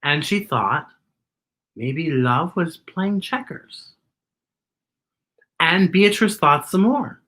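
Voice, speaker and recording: A woman reading a picture book aloud to children, animated and pointing out the illustrations. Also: low voice, very slow, long pauses. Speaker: children's storyteller.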